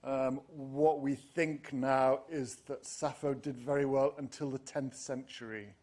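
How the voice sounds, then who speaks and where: Speaking to teachers about classics at the university, a middle-aged man lectures discursively, often saying um and starting over. His voice is medium-pitched, steady, unhurried and somewhat dark.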